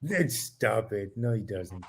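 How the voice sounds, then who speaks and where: A man co-hosting a boxing chat show, laid-back and quick to laugh as he argues back. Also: fairly low pitch, very animated, vocal fry, breathy edge. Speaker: podcast co-host.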